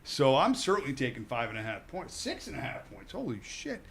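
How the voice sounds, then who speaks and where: A man's voice: mid-range voice, creaky. A man co-hosting a sports radio show, making football picks in casual, upbeat banter. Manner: lively, upbeat, quick-firing picks. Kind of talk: casual sports betting chat.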